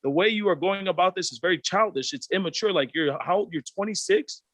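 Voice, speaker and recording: On a video call, a Pacific Islander man joins a candid panel discussion as a guest, reflective and earnest, acting out quoted voices. His voice sits high and sounds a bit bright and brisk on a dry recording.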